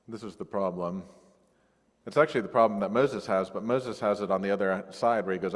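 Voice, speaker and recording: A male pastor giving a sermon in a conversational, lively way, recorded over a video call. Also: on the low side, fairly quick, big-room sound. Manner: conversational, animated when acting out quoted voices. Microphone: recorded via video call.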